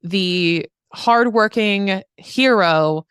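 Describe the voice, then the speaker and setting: A woman's voice: mid-range voice, very slow, fairly bright tone, clear, resonant tone, no room sound, studio quality. A woman hosting a podcast interview who chats in an upbeat, casual way with her guest. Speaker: podcast host.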